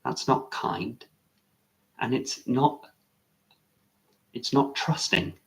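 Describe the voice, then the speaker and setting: A man's voice: medium pitch, fairly bright tone. A man, a meditation teacher, chatting casually on a live stream, musing and correcting himself as he answers viewer comments.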